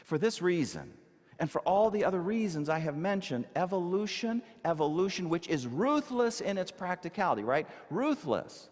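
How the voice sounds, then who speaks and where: Animated preaching man in echoing hall. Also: sits high, normal speed. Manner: animated, emphatic preaching with rhetorical questions. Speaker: minister. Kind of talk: sermon. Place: church sanctuary. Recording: long hall reverb.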